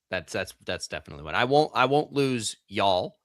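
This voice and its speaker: A young radio host with a low pitch and a bright, forceful tone, rambling through casual sports talk with plenty of fillers. He grew up in Texas but has trained out the twang. The sound is close and dry, straight off a studio mic. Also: sing-song, moderate pace, no room sound. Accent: General American, trained out a Texas twang. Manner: rambling, self-deprecating, lots of fillers. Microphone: studio broadcast mic.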